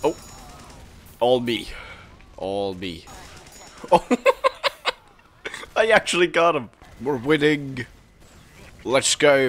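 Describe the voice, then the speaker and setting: A young man giving casual, excitable commentary while playing a game, laughing often and calling out to the other players. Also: medium pitch, slow, pauses often. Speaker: gameplay commentator.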